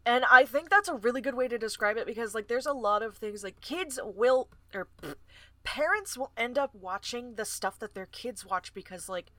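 A woman's voice: a little high, expressive, moderate pace, a bit bright, no echo. A young woman co-hosting a casual podcast, blunt and opinionated, with lots of fillers. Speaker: podcast co-host. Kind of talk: casual chat.

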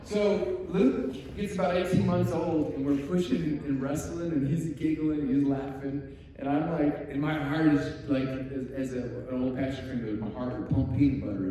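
Pastor, forties, mellow and conversational, storytelling sermon, distant mic, long hall echo, faint room ambience. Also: male voice, a little high, fairly even intonation, normal speed, slight background noise. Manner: conversational, storytelling, drops to soft emotional tones. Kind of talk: sermon with personal stories. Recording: echoey hall from far off.

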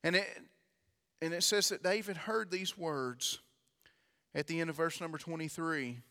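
A man's voice: fairly high pitch, fairly even intonation, moderate pace, pushed and bright, clear, resonant tone. A man preaching a sermon, reading scripture aloud and building to fervent delivery. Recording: long reverb of a large hall.

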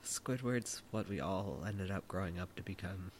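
A woman's voice: rumbling low, normal speed, slight background noise. A woman co-hosting a podcast in casual chat, with dry, understated remarks. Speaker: podcast co-host.

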